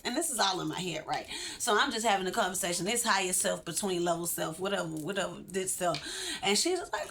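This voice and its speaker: Texan girl spilling a story on camera, bright sharp voice, super animated, laughs a lot. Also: mid-range voice, brisk, a little hiss or hum. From Texas, USA. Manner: animated, chatty, laughs often, addresses viewers directly. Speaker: vlogger. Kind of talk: casual storytime.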